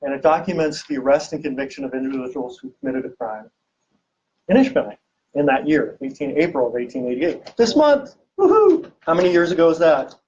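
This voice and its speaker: A man giving a lively public lecture as an archivist, joking and quizzing his audience with questions. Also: medium pitch, a little fast. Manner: jokey, teasing, quizzes the audience. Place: event room with a live audience. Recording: distant, dull lo-fi room recording.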